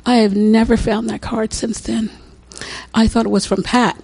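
A woman's voice: on the high side, little pitch movement, moderate pace, a little mellow, slightly rough. An older woman telling a personal story in a chatty way, often laughing and repeating herself. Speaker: speaker sharing a testimony. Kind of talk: personal story, casual testimony.

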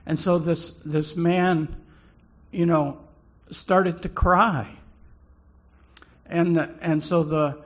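A man preaching a sermon slowly and haltingly, often repeating words as he goes. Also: fairly high pitch, fairly even intonation, lo-fi sound. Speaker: pastor.

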